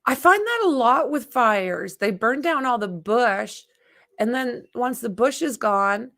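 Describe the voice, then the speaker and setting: Her voice is fairly high, animated and fairly bright, though she takes her time. She's a woman running a casual true-crime livestream, chatting, saying hello to viewers and reading their comments, and she gets blunt and exasperated with spam commenters.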